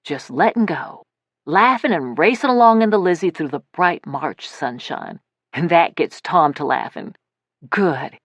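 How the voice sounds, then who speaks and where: Woman, audiobook narrator, low voice, lively animated delivery, dry close recording. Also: measured pace, no room sound. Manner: lively storytelling, voicing dialogue. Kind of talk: first-person audiobook narration.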